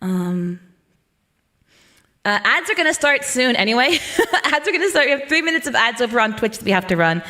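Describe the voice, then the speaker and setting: Bubbly bright-voiced young woman streamer. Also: on the high side, very animated, brisk. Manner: bubbly, giggly, talks to chat. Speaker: VTuber streamer. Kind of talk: casual karaoke stream chat.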